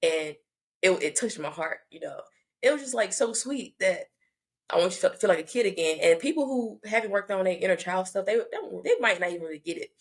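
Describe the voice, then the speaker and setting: A woman in her thirties hosting a casual conversation, talking reflectively and haltingly, often restarting her sentences. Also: medium pitch, expressive.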